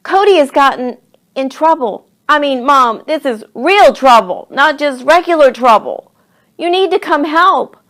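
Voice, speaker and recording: A woman's voice: high voice, big pitch swings, takes it slowly, pitched above the performer's own voice, full character voice. A woman voicing an anxious, careful young boy who talks in an urgent, pleading way. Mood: panicked.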